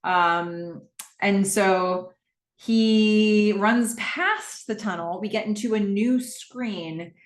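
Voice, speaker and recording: A woman hosting a podcast, recapping a TV episode scene by scene in a casual, animated way with frequent laughs. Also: mid-range voice, very slow, reverberant. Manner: animated, laughs often, acts out the characters' lines.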